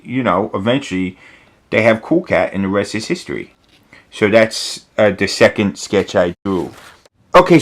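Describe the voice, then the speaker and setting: A man at home talks through his sketches in a mock-earnest, deadpan ramble, full of ums and restarts. His voice sits at an ordinary middle pitch. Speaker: host of an art commentary video. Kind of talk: mock-earnest comedic commentary.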